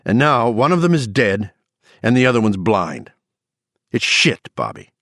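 Brief: narrator doing an angry drunk middle-aged man, sarcastic rant, lively swings in pitch, dry close read. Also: unhurried, no echo, exaggerated voice. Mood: bitter ranting. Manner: ranting, sarcastic. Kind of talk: audiobook character voice.

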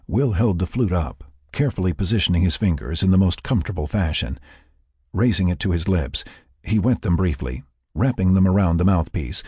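A man reading a story aloud as narrator, in expressive scripted narration. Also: low-pitched, slightly rough, dry recording, studio quality. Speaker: audiobook narrator.

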